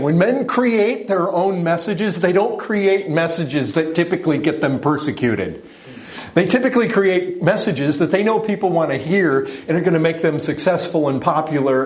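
A man's voice: on the high side, lively intonation, normal speed. A man preaching a sermon, speaking with emphasis and putting direct questions to his listeners. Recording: echoey room.

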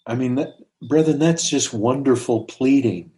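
A man's voice: medium pitch, moderate pace, warm tone. A man preaching a sermon in a conversational way, asking rhetorical questions and acting out quoted lines.

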